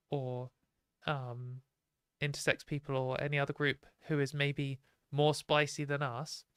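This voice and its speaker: A British woman hosting a live stream, talking bluntly and opinionatedly in a casual ranting way, her voice a little hoarse. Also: deep voice, no room sound, studio quality. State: hoarse from a fading voice.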